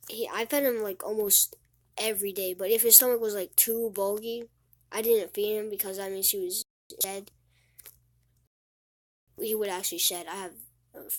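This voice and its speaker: A teenage girl talks straight to the camera in a halting, rambling way, stumbling over and repeating her words. She sounds sad and close to tears. Her voice sits at an ordinary pitch and is recorded close and dry, with no room sound. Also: a bit bright, no room sound. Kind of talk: casual vlog monologue.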